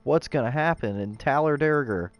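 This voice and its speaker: A man streaming a racing game, chatting casually with viewers and bursting into excited race calls. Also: mid-range voice, normal speed. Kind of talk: casual livestream chat with race commentary. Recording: game sound in the background.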